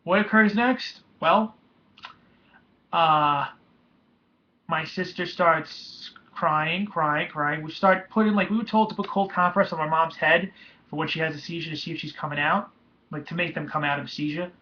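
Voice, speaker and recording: A young man telling a painful personal story in a halting, emotional way, with many restarts. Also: a little high, fairly even intonation, bright, forceful tone. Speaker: vlogger. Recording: dull lo-fi home recording.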